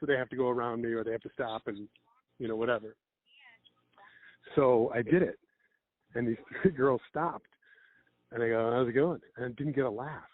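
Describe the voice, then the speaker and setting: A man's voice: mid-range voice, fairly even intonation, normal speed, long pauses, dry recording. A man, a comedian guest, telling rambling stories in a casual chat with laughs and acted-out quotes. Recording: phone-like narrow band.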